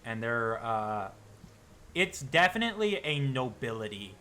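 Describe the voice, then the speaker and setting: Game master, male, bright sharp voice, loose rambling narration. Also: mid-range voice, big pitch swings, unhurried, a little hiss or hum.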